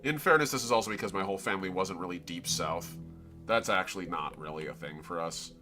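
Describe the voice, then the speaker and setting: A man's voice: deep voice, quick pace, bright, forceful tone, faint music behind. A man with a Floridian accent, chatting casually and rambling as he explains his drawing on a live stream. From Florida, United States. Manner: rambling, self-interrupting, explains as he draws.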